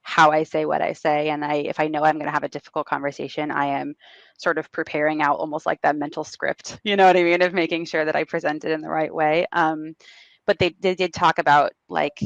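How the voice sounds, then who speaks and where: A woman speaking as a business executive guest on a podcast, answering in a reflective, measured way with frequent ums. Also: low voice, little pitch movement, creaky, dry recording, lo-fi sound.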